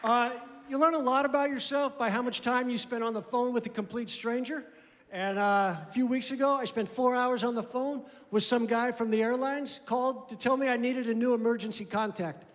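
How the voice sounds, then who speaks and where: A man doing a stand-up comedy set on stage, with dry, deadpan delivery and acted-out dialogue. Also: very high-pitched, fairly quick, hardly any pauses. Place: comedy venue stage before a live audience. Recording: roomy hall reverb, audible crowd laughter. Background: audience laughing.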